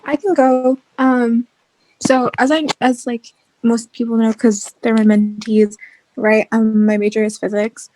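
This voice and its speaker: A woman's voice: a little high, flat delivery, unhurried, mellow, slight background noise. A young woman, a physics student, sharing a story reflectively in a casual group call, with lots of "like". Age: young adult.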